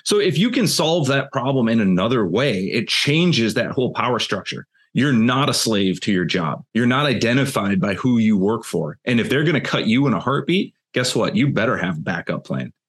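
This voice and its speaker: A husky-voiced man co-hosts a casual podcast from a video call. He talks with emphasis and restarts sentences by repeating words, at an even middle pitch. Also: normal speed, few pauses. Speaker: podcast co-host.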